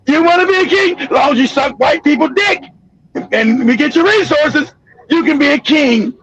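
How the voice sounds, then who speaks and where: A man's voice: very high voice, normal speed, a bit bright. A man putting on the voice of a smug male British colonial official in a sneering mock quote. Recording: dull lo-fi audio.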